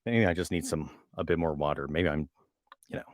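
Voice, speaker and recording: A man's voice: rumbling low, a little fast, no echo. A man reading a novella aloud, stumbling over and repeating words, with chatty, rambling asides. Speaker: reader of a story.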